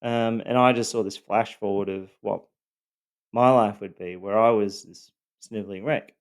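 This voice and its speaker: A man telling his own story of family abuse in a halting, blunt way, full of fillers and the odd swear word. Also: lowish voice, fairly even intonation. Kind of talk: personal storytelling to camera.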